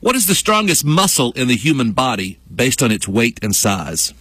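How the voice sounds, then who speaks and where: A man's voice: medium pitch, very animated, moderate pace, bright, forceful tone, breathy edge, no echo. A man hosting a morning radio show, bantering with his co-host and running promos and trivia. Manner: jokey, chatty, reads promos and trivia. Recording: dry studio mic with faint music bed.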